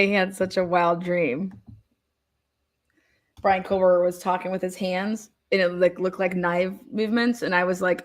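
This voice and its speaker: A woman's voice: lowish voice, fairly even intonation, moderate pace. A woman hosting a livestream, chatting casually with her viewers and giggling often. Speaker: livestream host. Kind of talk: casual chat over a courtroom livestream.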